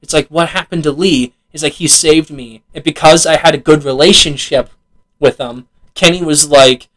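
A man's voice: a little high, fairly even intonation, normal speed, fairly bright tone, poor audio. A young man co-hosting a casual podcast about video games, laughing often, swearing freely and acting out game dialogue. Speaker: podcast co-host.

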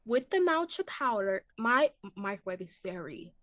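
A woman's voice: on the high side, sing-song, normal speed, fairly bright tone, no room sound. Chatty woman podcast co-host, dry sound. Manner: chatty, rambling with fillers. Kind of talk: casual chat.

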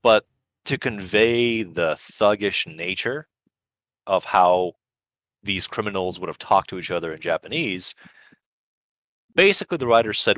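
Sarcastic podcast guy, low voice but bright and punchy, dry close sound. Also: expressive, measured pace, pauses often, dry recording. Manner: sarcastic riffing, mock quotes. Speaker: podcast co-host. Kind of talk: casual chat.

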